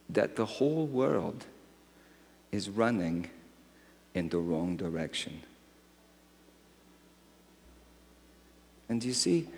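An actor playing aged Simeon in a dramatic first-person monologue, impassioned and rising to shouts. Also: male voice, lowish voice, gravelly, exaggerated voice. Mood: weary. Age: older. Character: aged devout man, weary then awestruck. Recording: reverberant hall.

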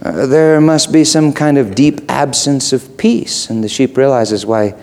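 Preaching at a measured pace, a middle-aged pastor keeps his sermon playful and animated. He sinks into low asides, then climbs high when he wants to stress a point.

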